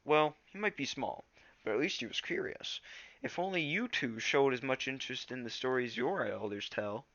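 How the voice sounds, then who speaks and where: A man voicing an older male warrior cat mentor in a storybook reading, slow and measured. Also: mid-range voice, fairly bright tone, dry recording, dull audio, pitched above the performer's own voice, lightly acted.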